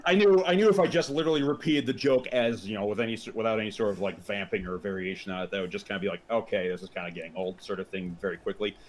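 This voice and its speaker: A man's voice: fairly low pitch, racing, few pauses, slight background noise. A man co-hosting a commentary, rambling casually with lots of fillers about his own writing. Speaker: co-host and writer.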